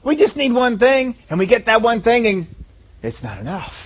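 A man preaching a sermon in an animated way, acting out voices in his stories, on a dull lo-fi recording. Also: extremely high pitch, moderate pace, breathy edge. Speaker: pastor.

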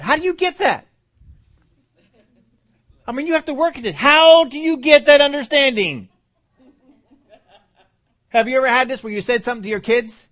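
A man preaching a sermon, with lively delivery and rhetorical questions to the congregation. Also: very high-pitched, normal speed, long pauses. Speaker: pastor.

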